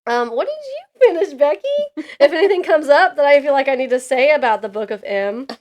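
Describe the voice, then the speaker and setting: A woman co-hosting a casual book podcast, animated and laughing often as she rants about a book. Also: high voice, a little fast. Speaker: podcast co-host.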